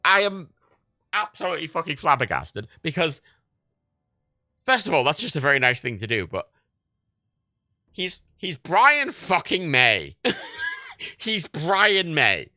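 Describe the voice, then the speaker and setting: A man in his late twenties tells a story live on stream in loose, sweary chat. His voice has a gravelly, fry-edged texture and a bright, forceful tone. His pitch leaps around as he gets into it, and the sound is dry and close. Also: measured pace, pauses often, no room sound. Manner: animated storytelling, swears a lot, laughs often. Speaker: livestream host. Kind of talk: casual livestream chat.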